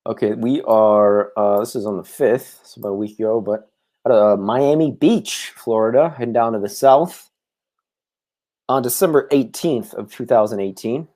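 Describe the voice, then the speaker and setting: Man reading news commentary, low and mellow. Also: moderate pace. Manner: reads news text with filler words. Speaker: podcast host. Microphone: own desk microphone.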